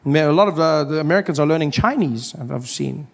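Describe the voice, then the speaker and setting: A man's voice: fairly quick, vocal fry, hardly any pauses, a little hiss or hum. A man performing a stand-up comedy set, leaping into mock voices and accents as he tells stories. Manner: animated, jumps into high mock voices and accents.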